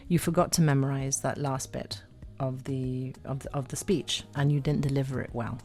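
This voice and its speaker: Woman playing a scolding inner critic, low voice, matter-of-fact. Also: steady tone, moderate pace, a little mellow, soft background music.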